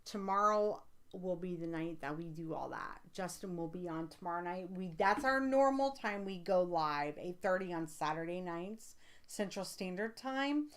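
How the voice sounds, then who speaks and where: An American woman with a somewhat low-pitched voice chats with her live-stream viewers as a psychic reader. She rambles in a loose, casual way, dotted with fillers, and she gets emphatic when something excites her. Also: normal speed. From United States. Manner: chatty and rambling, with many fillers. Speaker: livestream host and psychic reader. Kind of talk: casual livestream chat, answering viewer comments.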